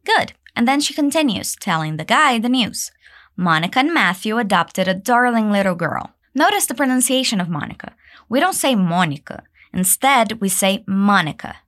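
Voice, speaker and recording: Lively encouraging woman English teacher. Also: normal speed. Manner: encouraging, drills repetition, pitch leaps on praise. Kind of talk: pronunciation lesson.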